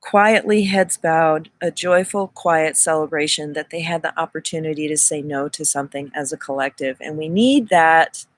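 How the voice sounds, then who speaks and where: A woman with a fairly low voice hosting a live stream. She speaks in a loose, heartfelt spiritual monologue, earnest and effusive, often restarting and repeating her words as she gathers her thoughts. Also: moderate pace, hardly any pauses, no room sound. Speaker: spiritual reader hosting a livestream.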